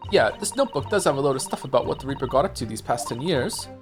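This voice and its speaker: A man's voice: mid-range voice, expressive, quick pace, lightly acted. A man reading a game aloud, voicing a brash young working-class woman inspector with a Cockney accent and blunt slang. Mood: earnest. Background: game music.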